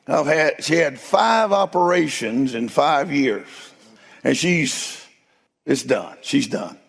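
A preacher man with a gravelly, husky voice and a high, lively pitch. He tells stories slowly and folksily, breaking into laughter and then dropping to a hush. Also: long reverb tail. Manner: folksy, laughing, swings between loud and hushed. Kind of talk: storytelling sermon.

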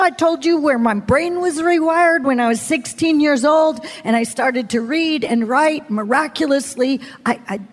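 A woman preacher giving an animated testimony sermon, telling her story with bursts of laughter and screaming. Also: sits high, long reverb tail.

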